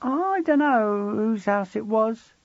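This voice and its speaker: A man's voice: sits high, lively intonation, slow, no room sound, dull audio, pitched above the performer's own voice, full character voice. A man voicing a frightened, sullen teenage schoolboy who whines and stammers. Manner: whiny, panicky, stammering.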